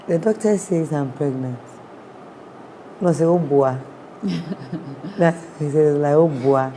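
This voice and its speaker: A woman's voice: deep voice, measured pace, pauses often, dark tone, slight background noise. A woman with a Ghanaian accent, a guest sharing a personal story with feeling. She acts out what people said and mixes in Twi words.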